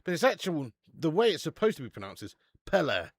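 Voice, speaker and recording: A man's voice: on the high side, very animated, fast talker, dry recording. Chatty man, dry close sound. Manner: chatty, banters with live chat, swears casually. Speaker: football watch-along host. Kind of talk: casual live-stream chat.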